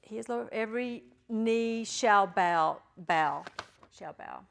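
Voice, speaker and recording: A woman's voice: medium pitch, takes it slowly, gravelly. A woman teaching a Greek class in a classroom, chatty and encouraging, joking with her students. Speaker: Greek teacher at a ministry school. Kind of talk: classroom lecture.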